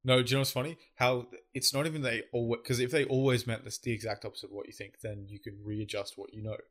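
A man's voice: medium pitch, steady tone, fast, a bit bright. A young Australian man co-hosting a casual chat, swearing freely and explaining things at length. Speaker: podcast co-host.

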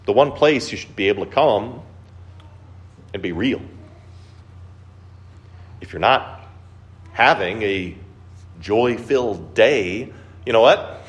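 Male pastor, lower voice, very animated intonation, chatty sermon style with rhetorical questions. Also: takes it slowly, pauses often. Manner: animated, rising high for quoted voices and dropping low and soft for serious points.

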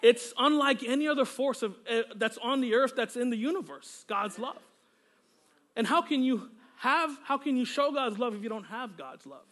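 A man's voice: extremely high pitch, lively intonation, moderate pace, a bit bright. A male pastor preaching a sermon during a church service. He is fervent and exclamatory, breaking into praise often and joking casually with the congregation.

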